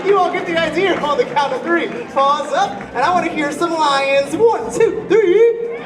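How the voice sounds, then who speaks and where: A woman's voice: high voice, fairly even intonation, moderate pace, heavy background noise, lightly acted. Nakawa, a woman playing an upbeat cheerleading troupe singer. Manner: upbeat, cheerleading crowd work. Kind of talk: theatrical live stage show. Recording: distant echoey theater with music and crowd.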